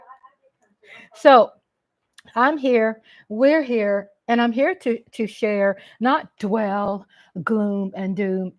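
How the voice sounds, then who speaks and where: Slow-talking Texan woman, chatty and folksy. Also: mid-range voice, no echo, muffled recording. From Texas. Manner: chatty, folksy, greets viewers by name, drawn-out speech. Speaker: live-stream vlogger. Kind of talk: casual live-stream chat. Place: at home.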